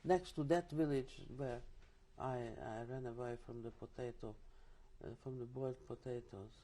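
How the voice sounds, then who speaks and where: Older woman, interview testimony, lively storytelling, dark mellow timbre. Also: extremely low pitch, moderate pace. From Czechoslovakia. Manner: vivid storytelling with restarts and asides. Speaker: interviewee, Holocaust survivor. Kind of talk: oral history testimony.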